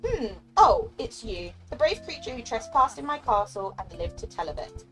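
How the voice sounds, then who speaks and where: A haughty, menacing sorceress villain, scornful of the small fools around her, as a woman reads her game lines aloud. The voice sits a touch high for a woman and stays close to a plain everyday read. It is cold and disdainful rather than theatrical. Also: sing-song, moderate pace, fairly bright tone, faint music behind, poor audio. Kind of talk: reading game dialogue aloud.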